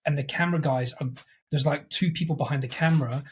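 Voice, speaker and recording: Husky, slightly high-voiced man chatting. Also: fast talker. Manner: reads facts aloud, rambling. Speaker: podcast co-host. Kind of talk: casual chat. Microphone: online call.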